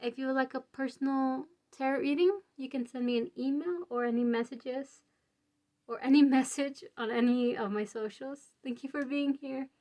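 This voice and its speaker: A woman's voice: high voice, normal speed, warm tone. Chatty young woman tarot reader. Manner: chatty and informal, with frequent laughs and fillers. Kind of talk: casual tarot reading to camera.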